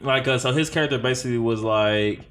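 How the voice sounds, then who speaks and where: A man hosting a casual podcast movie review, his voice sitting mid-pitch. He rambles with plenty of fillers, cracks jokes and laughs at them himself. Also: fast talker, a bit bright, slight background noise. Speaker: podcast host. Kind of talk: casual chat.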